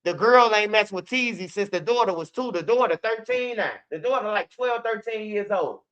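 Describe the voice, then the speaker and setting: High bright-voiced man ranting. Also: moderate pace, clean tone, lo-fi sound. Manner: loose, blunt, profane rant with repeats and mock rapping. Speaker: commentary channel host. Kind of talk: casual street news commentary.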